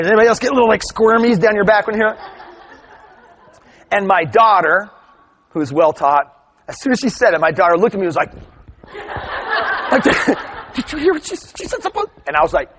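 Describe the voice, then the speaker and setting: Animated man giving a live grammar talk. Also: high voice. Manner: animated storytelling, asks "right?" often. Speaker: workshop presenter.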